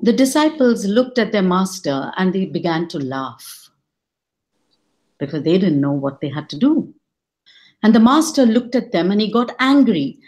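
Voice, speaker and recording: A middle-aged woman telling a folk tale to listeners, expressive and rising high when she quotes her characters. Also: normal speed. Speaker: storyteller. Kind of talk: storytelling.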